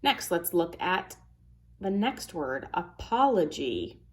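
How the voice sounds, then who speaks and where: Slow, careful woman teaching phonics. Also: lowish voice, big pitch swings. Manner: slow, careful, sounding out words. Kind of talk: phonics lesson for children.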